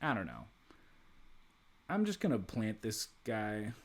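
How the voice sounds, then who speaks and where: A man's voice: lowish voice, huge pitch swings, slow pace. A man giving casual let's-play commentary while playing a strategy game, thinking aloud with frequent restarts and asides.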